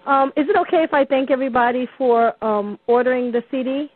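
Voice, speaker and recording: Over a tinny, dry phone connection, a female caller to a radio program chats her way through a story, often saying um and starting over. Her voice is high and a little fast.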